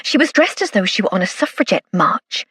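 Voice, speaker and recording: A woman reads a first-person cozy mystery with arch, dry wit, her pitch moving in a lively way. Her voice is slightly husky and the sound is dry and close. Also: fairly quick, no echo. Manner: arch, dryly witty. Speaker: audiobook narrator.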